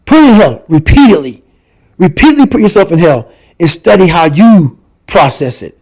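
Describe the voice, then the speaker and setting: Guy with a highish voice, intense, keeps repeating himself to hammer the point, guest on a podcast. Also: very animated, moderate pace, darkish tone, rough recording. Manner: emphatic and repetitive, hammering points home. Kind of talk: intense personal storytelling in conversation.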